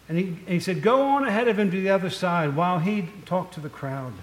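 A pastor with a high-sitting voice delivers a conversational, storytelling sermon at a fairly quick pace, peppered with asides to the congregation. The room sounds echoey.

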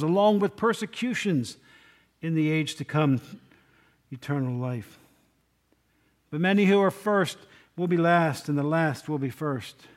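A male pastor giving a conversational sermon, joking and asking the congregation questions. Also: a little high. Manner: chatty, jokes and asks the congregation questions.

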